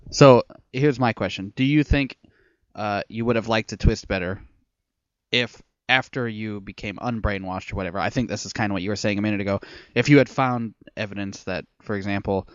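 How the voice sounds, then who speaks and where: Low-voiced chatty man, lo-fi audio. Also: fairly quick, no echo. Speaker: podcast panelist. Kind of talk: casual gaming discussion. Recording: dull, dry lo-fi audio.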